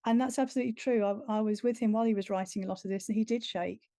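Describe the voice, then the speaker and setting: A woman's voice: mid-range voice, steady tone, very fast, warm tone, no echo. A woman writer giving an earnest, reflective workshop talk about teaching creative writing.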